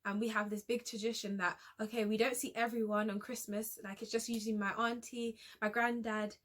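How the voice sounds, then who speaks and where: A young woman vlogger telling a personal story in a hesitant, halting way, often restarting her sentences. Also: fairly high pitch, level tone, fairly bright tone. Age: young adult.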